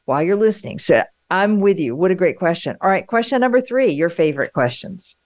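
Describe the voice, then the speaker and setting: A woman hosting a podcast interview, upbeat and conversational with quick reactions. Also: lowish voice, lively intonation, a little mellow, no echo, clean studio sound. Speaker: podcast host. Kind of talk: casual interview.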